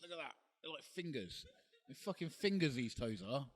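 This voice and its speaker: A man co-hosting a casual podcast, swearing freely and telling animated, joking anecdotes. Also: medium pitch, moderate pace. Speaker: podcast co-host. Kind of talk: casual banter.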